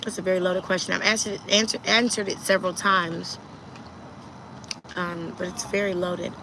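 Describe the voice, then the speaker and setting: A woman's voice: fairly low pitch, flat delivery, normal speed, creaky, noisy background. A woman hosting a casual livestream, chatting and reading viewer comments aloud as she answers them. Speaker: livestream host.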